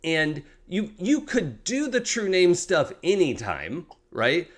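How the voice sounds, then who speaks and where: A man's voice: sits high, wildly swooping pitch, slow. A man narrating a tabletop game as game master, talking casually with many fillers and restarts.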